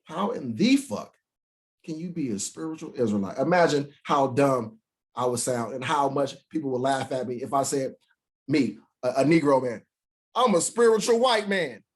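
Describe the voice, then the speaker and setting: A man in a middle pitch teaches from scripture in a profane, fiery way. He lingers over each verse, then tears into opponents with cursing and ridicule. His voice leaps high and loud in outrage and sinks to a low murmur. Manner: reads verses slowly, then rants with crude mockery; swings widely in pitch and loudness. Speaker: Bible teacher.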